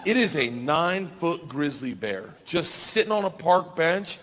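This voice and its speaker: Excitable male stand-up comic, echoey room. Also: fairly high pitch, a little slow. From United States. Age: 40s. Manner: loud, excitable, acts out characters. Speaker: stand-up comedian. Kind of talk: stand-up storytelling. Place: live comedy stage. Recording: reverberant live room with background noise.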